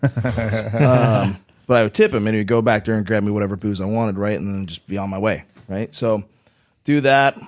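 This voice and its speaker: A man with a fairly low voice tells his story casually as a podcast guest. He rambles and swears freely, checking in with "right?" as he goes. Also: normal speed. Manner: profane, rambling, frequent "right?" tags. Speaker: podcast guest, Marine veteran.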